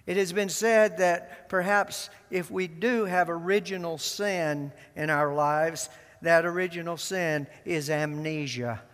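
A man preaching a sermon to his congregation, deliberate and emphatic, repeating key words with long pauses. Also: fairly high pitch, fairly bright tone. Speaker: pastor. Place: church sanctuary. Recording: long reverb of a large church.

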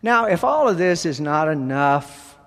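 A man preaching a sermon as pastor, speaking deliberately and with emphasis, pausing between phrases. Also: on the high side, very animated, in a large hall.

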